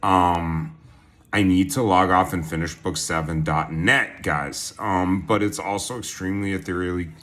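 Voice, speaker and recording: Very deep-voiced man rambling. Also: steady tone, normal speed, a bit bright. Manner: meandering, jokey, many "um"s and restarts. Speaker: vlogger. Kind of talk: rambling stream-of-consciousness monologue. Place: bathtub. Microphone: phone camera.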